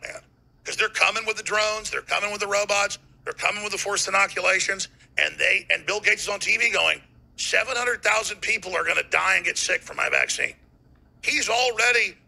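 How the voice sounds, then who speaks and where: A raspy, heavily gravelly man rants on his talk radio show, his voice tense and forceful. He swings wildly between low growls and high bursts, often breaking into shouts. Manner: fiery, ranting, bursts of shouting. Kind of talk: heated talk radio monologue.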